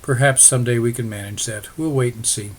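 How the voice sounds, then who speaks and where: A man voicing a gentle, practical Irish settler who speaks calmly and reassuringly to his wife. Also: mid-range voice, fairly quick, a little hiss or hum, close to an everyday voice.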